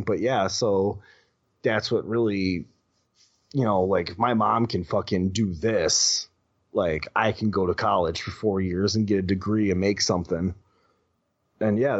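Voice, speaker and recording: A man guesting on a podcast tells a personal story in a fairly low voice with a breathy edge. He stumbles through restarts and drops casual swears, all captured on dull, lo-fi audio.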